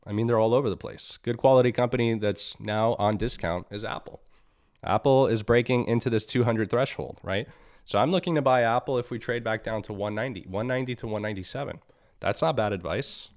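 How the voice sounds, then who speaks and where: A man with a lowish voice hosts a live trading stream and walks through the charts as he goes. He sounds annoyed and blunt, repeats his points and tags them with "right?" He speaks into a streaming mic. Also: a little fast, darkish tone. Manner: blunt, repeats himself, asks "right?" often. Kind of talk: live market analysis.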